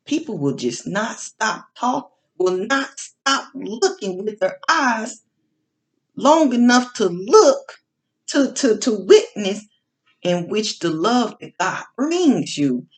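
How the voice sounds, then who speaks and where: A woman's voice: on the high side, sing-song, takes it slowly. A woman giving a casual, sermon-like monologue about faith and love, with informal slang, repeating phrases for emphasis and often restarting her sentences. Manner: preachy, repetitive, building emphasis. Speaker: online speaker on faith and love.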